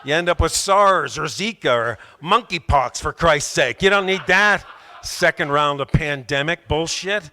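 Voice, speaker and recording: Bright-voiced stand-up comic. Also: male voice, on the high side, measured pace. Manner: rambling, self-mocking, loud put-on voices. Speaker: stand-up comedian. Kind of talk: stand-up comedy set. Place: comedy club stage.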